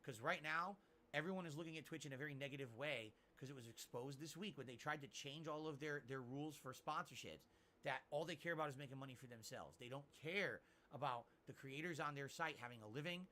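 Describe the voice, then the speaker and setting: A man's voice: mid-range voice, a little fast, pushed and bright, slight background noise. A middle-aged man streaming live, chatting casually and reading out viewer tips in a rambling, emphatic way. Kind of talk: casual livestream talk.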